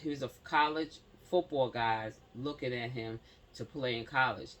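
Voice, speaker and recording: A man's voice: medium pitch, moderate pace, fairly bright tone, slight background noise. Man reading news with slangy asides. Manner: stumbles over words while reading, slangy asides to viewers. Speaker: commentary channel host. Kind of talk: reading a news story aloud with casual commentary.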